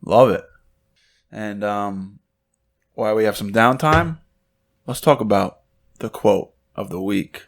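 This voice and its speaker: Relaxed man, easygoing chat. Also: on the low side, takes it slowly, creaky, pauses often. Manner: relaxed, conversational, lots of fillers. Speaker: podcast co-host. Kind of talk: casual chat.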